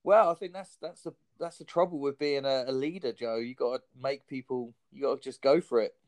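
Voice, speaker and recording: A man's voice: medium pitch, brisk. A man hosting a comedy podcast in casual chat, joking and laughing often.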